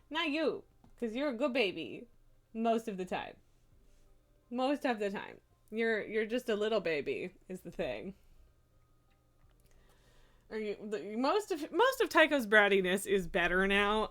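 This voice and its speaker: A woman's voice: medium pitch, sing-song, a little slow, a bit bright. A woman streaming live, chatting casually and cooing and scolding her pets in baby talk. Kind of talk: casual livestream chat.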